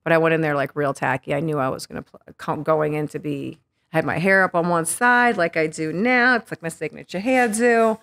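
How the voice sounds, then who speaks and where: Animated, cursing New woman telling stories. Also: low voice, brisk, gravelly. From Queens, New York. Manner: animated, profane, acts out quotes. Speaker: podcast guest. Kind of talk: casual storytelling interview.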